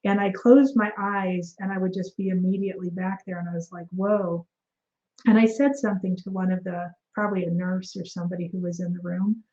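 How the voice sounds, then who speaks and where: A woman with a warm, mellow voice tells her story as a guest in a casual interview. She talks in an animated way, acts out what other people said, and fills her sentences with ums and restarts. The audio is a little dull and muffled. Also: on the low side, brisk. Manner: animated, acts out quoted dialogue, frequent fillers and restarts.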